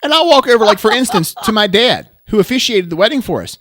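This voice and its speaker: A man's voice: high voice, fast, no room sound. Riled-up male storyteller, dry sound. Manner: animated storyteller, gets loud and riled up. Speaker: podcast co-host. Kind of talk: casual chat.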